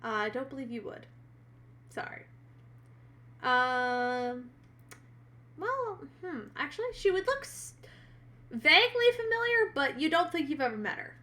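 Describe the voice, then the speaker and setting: A woman's voice: high voice, sing-song, unhurried, long pauses, pushed and bright. A woman narrating a tabletop role-playing game as game master on a live stream, hesitant and full of fillers.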